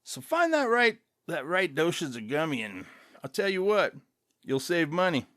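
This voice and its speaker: Rambling man on a lively solo podcast. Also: fairly high pitch, normal speed, dry recording, studio quality. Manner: loose, rambling, chuckling asides. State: relaxed after an edible. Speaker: podcast host.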